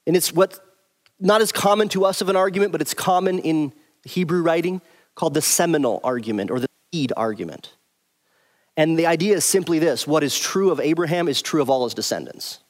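A man's voice: on the high side, a little fast. A man teaching through a Bible passage verse by verse, stressing and repeating his key points emphatically.

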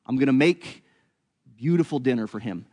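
A man's voice: mid-range voice, expressive, normal speed, darkish tone, long reverb tail, close to an everyday voice. A man voicing a determined mother who lays out a plan, talking persuasively and plainly. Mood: scheming. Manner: persuasive, planning aloud. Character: scheming determined mother, woman, middle-aged.

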